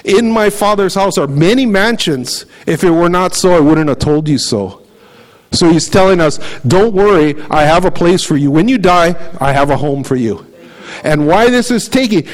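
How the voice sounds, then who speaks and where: A man's voice: sits high, low-quality recording. Man preaching a conversational sermon. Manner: conversational preaching, reads scripture aloud, animated storytelling. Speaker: pastor.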